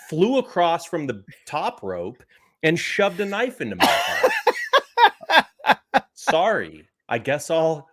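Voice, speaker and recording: A man in his thirties, a podcast co-host, telling a story in an animated, sarcastic way and laughing at his own stories. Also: a little high. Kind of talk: casual chat, storytelling.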